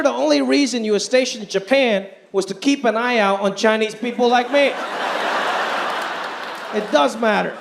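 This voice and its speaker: A man doing a stand-up comedy set in a club, talking in an animated way and acting out other people's voices. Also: very high-pitched, moderate pace, gravelly, heavy background noise. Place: comedy club stage before a live audience. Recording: live club recording with loud audience laughter. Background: audience laughter.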